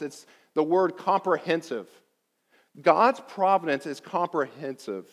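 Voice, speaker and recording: A man preaching a sermon, emphatic and deliberate, repeating key phrases for weight. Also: high-pitched, long reverb tail. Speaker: pastor.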